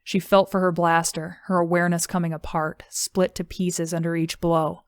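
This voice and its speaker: A woman reading an audiobook in a steady, even narration. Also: fairly low pitch, normal speed, clean tone, no room sound, clean studio sound. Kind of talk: scripted narration.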